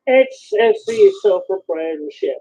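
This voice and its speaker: Woman w/ a super mellow low-toned voice, careful, muffled lo-fi chat audio. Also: wildly swooping pitch, normal speed, creaky, breathy edge. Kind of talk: casual voice chat.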